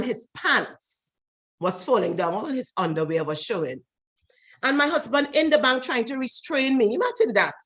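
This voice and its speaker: A woman's voice: mid-range voice, a bit bright. A woman speaks in a church forum over a video call. Her delivery is emphatic and preachy, and she keeps repeating her points to drive them home. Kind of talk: impassioned forum speech.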